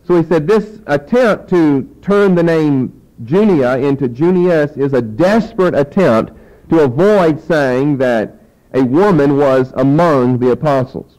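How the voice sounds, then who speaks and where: A man's voice: a little high, darkish tone, low-quality recording. A man teaching a Bible lesson, explaining points emphatically and spelling out words letter by letter.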